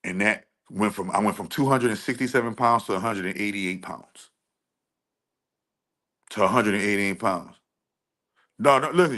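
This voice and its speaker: A man's voice: medium pitch, fairly bright tone. A man hosting a livestream, talking intensely and emphatically, often repeating and restarting his phrases. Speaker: livestream host. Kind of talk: livestream rant.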